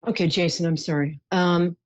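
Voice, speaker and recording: A woman's voice: lowish voice, fairly even intonation, moderate pace, darkish tone, no echo. A woman hosting a psychic call-in show, soothing and full of endearments as she gives readings. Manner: soothing, showers callers with endearments. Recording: dull lo-fi dry sound.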